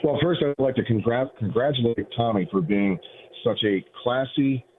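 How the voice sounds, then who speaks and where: A male radio caller rambling with halting restarts over the phone. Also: medium pitch. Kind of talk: phone call to a radio show. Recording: phone line.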